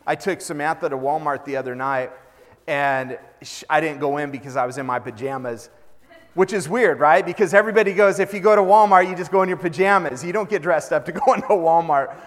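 A man in his fifties, a pastor, leading a prayer and then preaching with animated, humorous storytelling. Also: on the high side, brisk. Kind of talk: sermon. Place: church sanctuary. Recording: long church reverb.

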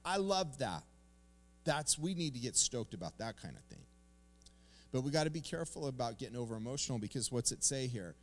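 Animated casual pastor, man. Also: high voice, a little fast. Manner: casual, animated storytelling with slang. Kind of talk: sermon.

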